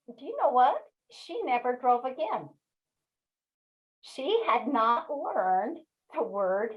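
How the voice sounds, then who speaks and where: Brief: woman, 60s, webinar presenter, slightly high voice, slow deliberate storytelling that talks straight to the listener. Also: rough recording. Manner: slow, expressive storyteller who addresses the audience directly. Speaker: webinar speaker. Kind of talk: storytelling talk.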